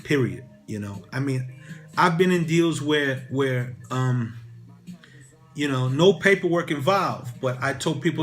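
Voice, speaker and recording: A man's voice: mid-range voice, expressive, measured pace, faint music behind. A man giving casual motivational advice to camera, rambling with many "you know" fillers. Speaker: real estate broker and channel host.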